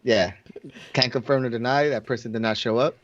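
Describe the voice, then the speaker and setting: A man's voice: mid-range voice, fairly even intonation, a little fast, dry recording. A man co-hosting a casual podcast, blunt and teasing, swearing freely. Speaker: podcast co-host. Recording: dull, muffled audio.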